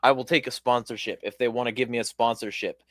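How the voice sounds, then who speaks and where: Hoarse, profane man telling a story. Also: medium pitch, little pitch movement, fast, dry recording. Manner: profane, rambling, with frequent fillers. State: hoarse voice from shouting. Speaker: podcast host. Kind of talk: casual conversational storytelling.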